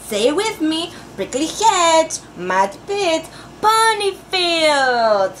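Brief: a woman as a high, swooping, overeager storybook teacher who mixes in Spanish words. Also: animated, a bit bright, slight background noise. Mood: playful. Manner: sing-song teacher voice, drawn-out words, sprinkles Spanish phrases. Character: overeager female teacher persona, adult, playful. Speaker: pretend class teacher. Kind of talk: comic storybook read-aloud.

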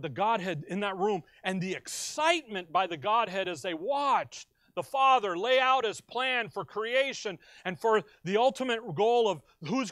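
An American man preaching a sermon, who asks the congregation questions, answers them himself and acts out quoted voices with big swings in loudness. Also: high-pitched, no echo, clean studio sound. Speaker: pastor.

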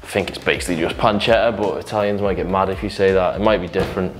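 A young man jokes and banters in a self-mocking way while his girlfriend teaches him to cook, keeping the chat casual. His voice is deep and steady, and he talks fast. Music plays in the background.

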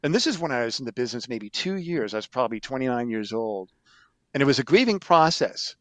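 A middle-aged man, a sales trainer, telling stories in an animated, emphatic way as an interview guest. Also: medium pitch, fast talker, no room sound. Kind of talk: storytelling interview answer.

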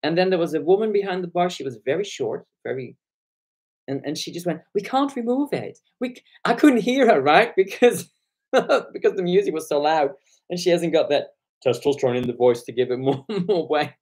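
A hoarse man talking on a live stream, retelling an encounter with animated, indignant energy. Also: a little high, fairly quick. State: hoarse from shouting. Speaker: online commentator.

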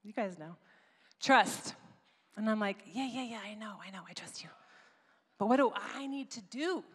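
A woman giving a sermon at a conference, telling a story with lively, acted-out asides. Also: mid-range voice, a little fast, slightly rough. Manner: animated storytelling, acts out her own past voice. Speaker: conference speaker. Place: church auditorium. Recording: long reverb of a large hall.

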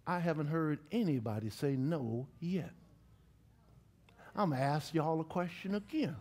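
A middle-aged man preaching a sermon in a church, with lively call-and-response to the congregation. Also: on the high side, a little slow. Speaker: pastor. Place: church sanctuary.

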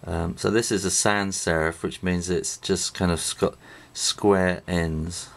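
Low gravelly English man teaching drawing. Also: steady tone, takes it slowly. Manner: rambling, with many fillers and restarts while drawing. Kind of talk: casual drawing tutorial. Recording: faint noise with pen and writing sounds.

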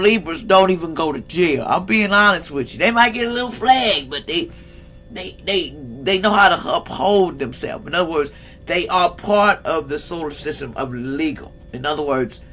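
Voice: medium pitch, moderate pace, pushed and bright, faint music behind. A tarot reader in a casual vlog who speaks bluntly and in slang, talking straight to viewers and often breaking into laughs.

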